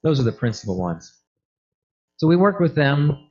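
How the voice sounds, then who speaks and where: A man's voice: on the high side, very animated, moderate pace, a little mellow, lo-fi sound. A man giving a conference talk on energy efficiency as a product manager, speaking conversationally and acting out short quoted phone calls.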